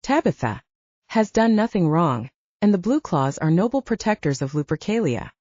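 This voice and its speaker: Firm protective young knight, voiced by a woman, mellow tone, dull lo-fi audio. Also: on the low side, sing-song, moderate pace, no room sound.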